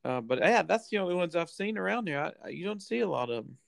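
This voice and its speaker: A man's voice: high-pitched, expressive, quick pace, vocal fry, no echo. A man co-hosting a podcast in casual chat, laid-back and full of fillers and restarts. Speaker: podcast co-host.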